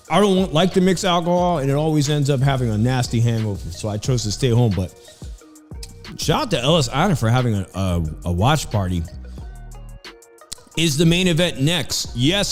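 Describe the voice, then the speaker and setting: A man's voice: on the high side, darkish tone, big-room sound. A man hosting a casual live stream, rambling between fight commentary and chat while chewing food at home. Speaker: livestream host and fight commentator. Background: background music.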